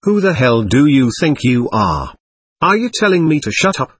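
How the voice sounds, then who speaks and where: A man voicing a drunk, belligerent German corporal who shouts with contempt in an audiobook reading. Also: mid-range voice, very animated, measured pace, husky, no room sound, exaggerated voice.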